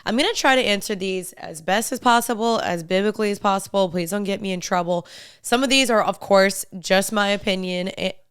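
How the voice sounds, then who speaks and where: A woman's voice: medium pitch, brisk, a bit bright, clean tone, no room sound. A young woman hosting a podcast, chatting casually in a bubbly, talkative way full of "like" and "literally". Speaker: podcast host. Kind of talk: casual chat.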